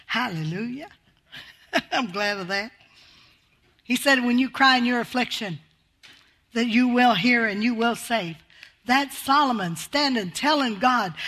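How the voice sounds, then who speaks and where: Older woman preacher, bright forceful voice, fervent and call-and-response in her sermon delivery. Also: on the high side. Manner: fervent, exclaims hallelujah often, swings from loud to quiet.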